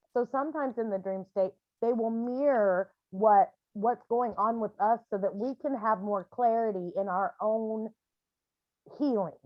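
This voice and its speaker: Woman, medium, grief support call, animated storyteller, high-ish voice, muffled video-call audio. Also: no echo. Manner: animated, acts out scenes in other voices. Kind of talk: casual video call counselling.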